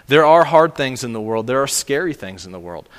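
An earnest male pastor delivers a sermon with emphatic, repeated phrases. His mid-pitched voice carries a long hall reverb. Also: very animated, fairly quick. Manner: earnest, emphatic preaching with repetition.

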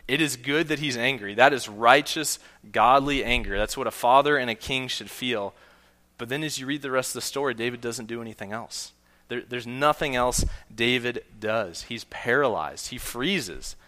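A man preaching a sermon earnestly, often letting his voice drop soft and low on key points. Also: moderate pace. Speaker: pastor.

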